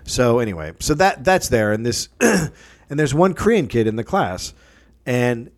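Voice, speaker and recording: A man hosting a casual chat, telling animated, profane anecdotes and acting out the quotes. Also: medium pitch, a little slow.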